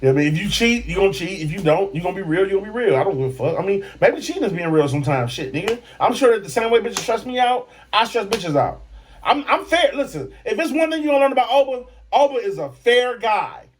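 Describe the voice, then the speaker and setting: A brash man hosts a podcast in a comedic rant, swearing freely and mocking his targets. His pitch swings widely as he goes, rising and dropping with every jab. He is from Michigan. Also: lively intonation, quick pace. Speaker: podcast host.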